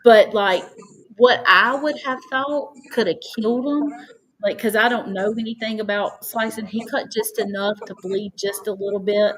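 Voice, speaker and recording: A woman's voice: mid-range voice, steady tone, moderate pace, fairly bright tone, low-quality recording. Lady guest on a podcast, earnest storytelling, faint hiss behind her. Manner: earnest, quotes others' speech at length. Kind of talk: emotional personal storytelling. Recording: faint background noise.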